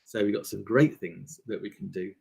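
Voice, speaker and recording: A man's voice: fairly low pitch, fairly even intonation, normal speed, vocal fry, warm tone, breathy edge. A man hosting a casual live stream, rambling through products with lots of fillers into a desk microphone. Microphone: desk microphone on a table stand.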